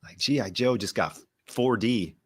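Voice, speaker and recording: A man's voice: mid-range voice, measured pace, husky. A man co-hosting a casual gaming podcast, reacting in an easygoing way to his partner's stories. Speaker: podcast co-host.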